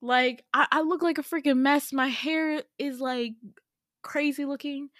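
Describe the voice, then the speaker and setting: A woman's voice: high voice, a little slow, dry recording, clean studio sound. Giggly young woman telling a story. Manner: animated, giggly, swears freely. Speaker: podcast host. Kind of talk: casual storytelling.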